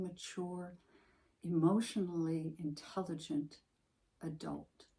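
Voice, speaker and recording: A woman's voice: fairly low pitch, low-quality recording. A woman co-hosting a podcast, chatting casually and emphatically about a book that mattered to her. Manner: animated, emphatic, thinks aloud with restarts. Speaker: podcast co-host. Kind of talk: casual chat about books.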